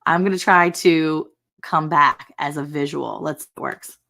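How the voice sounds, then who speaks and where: Casual livestream host: chatty woman, slightly low voice, quick laughs, greets her viewers by name. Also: creaky, sharp tone.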